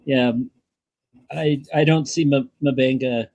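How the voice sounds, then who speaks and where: A man hosting a casual podcast chat, talking in halting bursts with frequent restarts and the odd curse. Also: medium pitch, fairly even intonation, a little mellow, dry recording, lo-fi sound. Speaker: podcast host.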